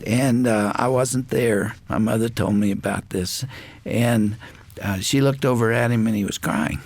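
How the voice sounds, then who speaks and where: A male radio host telling a family story in an unhurried, reflective way, often pausing with "uh.". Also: fairly low pitch, fairly even intonation, gravelly, a little mellow, no room sound. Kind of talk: storytelling in a studio conversation.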